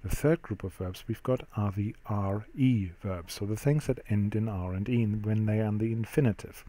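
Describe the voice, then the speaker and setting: A man with a low, mellow voice walks learners through a French grammar point. His delivery is steady and explanatory, with frequent ums, like a teacher at the whiteboard. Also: normal speed. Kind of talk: classroom-style grammar lesson.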